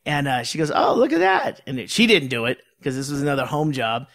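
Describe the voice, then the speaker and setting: A man's voice: medium pitch, steady tone, quick pace, a bit bright. A man chatting on a podcast, self-deprecating and loose, often restarting his sentences. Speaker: podcast co-host. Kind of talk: casual chat.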